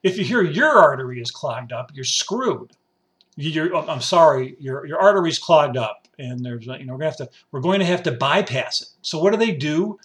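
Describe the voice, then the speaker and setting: A man delivering a rambling, wisecracking comedic monologue, swinging from loud points to muttered asides. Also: fairly high pitch. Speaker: commentator.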